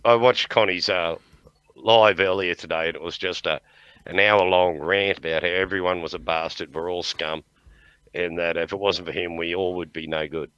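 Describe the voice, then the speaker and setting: A man's voice: low voice, steady tone, normal speed, fairly bright tone, clean tone, dry recording, muffled recording. A man with an Australian accent hosting a livestream in rambling, jokey casual chat, laughing often. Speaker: livestream host.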